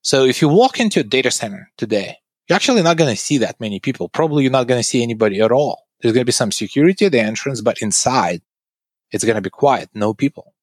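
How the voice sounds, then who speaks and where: A man's voice: mid-range voice, lively intonation, fast talker, no room sound. A man, a tech company founder, giving earnest, explanatory interview answers about his product.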